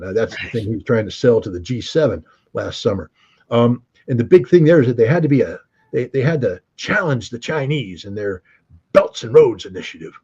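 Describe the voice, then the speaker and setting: American man, mellow dark voice, emphatic commentary, rhetorical questions, muffled lo-fi audio. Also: medium pitch, slightly rough. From United States. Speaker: guest commentator. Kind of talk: opinionated interview commentary.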